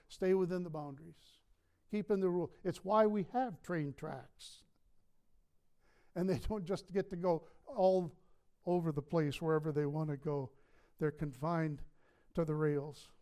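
A male pastor preaching a sermon in a church, emphatic, with slow stressed words and light chuckles. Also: fairly high pitch, mellow. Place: church sanctuary.

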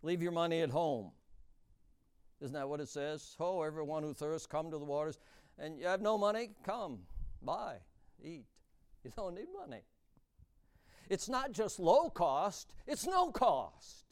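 A man delivers a sermon in a high, clear, smooth voice, his pitch swinging widely between hushed asides and booming lines. He talks slowly, drawing out key words, and sounds expressive throughout.

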